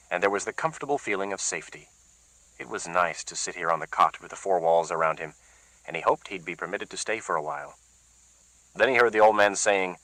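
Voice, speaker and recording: A man reading a noir novel aloud in a steady, deliberate way. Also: lowish voice, dry recording, rough recording. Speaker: audiobook narrator. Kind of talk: scripted narration of a noir novel.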